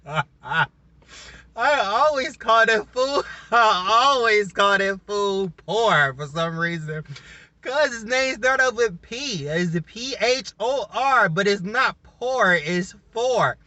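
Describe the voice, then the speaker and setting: Casual male vlogger, rambling and emotional, bright, forward tone. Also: sits high, animated, slow, dry recording, highs cut off. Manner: rambling, laughing often, emotional. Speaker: YouTuber reviewing a reality show. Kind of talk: casual reaction vlog.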